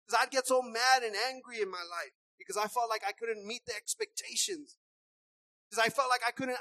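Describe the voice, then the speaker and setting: A woman preacher with a voice on the high side delivers a passionate sermon, repeating herself and moving from soft asides to shouts. There's no echo, though the recording is rough.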